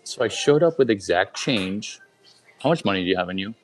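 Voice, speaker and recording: Low-voiced man spinning a rapid anecdote. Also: animated, rough recording. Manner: rapid-fire, repeats lines, fires rhetorical questions at listeners. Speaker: storyteller speaking to a group. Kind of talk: casual anecdotal storytelling.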